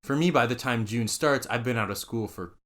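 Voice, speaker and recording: A man's voice: mid-range voice, brisk. A teenage boy co-hosting a podcast in casual chat, jokey and often quoting people in put-on voices. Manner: animated, jokey, quotes others in voices. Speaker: podcast co-host.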